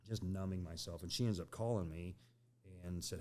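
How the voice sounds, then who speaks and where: Deep-voiced man telling his story candidly. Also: moderate pace, warm tone, slight background noise. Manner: conversational, frequent "right?" and "you know" tags, acts out quoted lines. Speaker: podcast guest.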